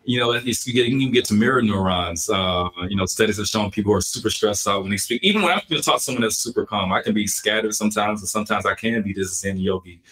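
A man co-hosting a podcast interview, talking in a halting way with many fillers and restarts. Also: on the low side, a bit bright, rough recording. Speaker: podcast co-host. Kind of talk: conversational interview.

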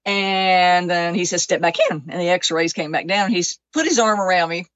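Animated woman telling a personal story. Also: lowish voice, normal speed, dry recording. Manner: animated, acts out other people's lines; emotional, close to tears at times. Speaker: interview guest. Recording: dull, lo-fi dry recording.

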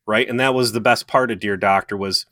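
A man with a low, forceful voice talks through an episode review in a casual, analytical way. He often pauses on ums and uhs. The sound is dry and close. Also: fairly even intonation, dry recording. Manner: earnest, analytical, with frequent um and uh. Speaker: podcast co-host.

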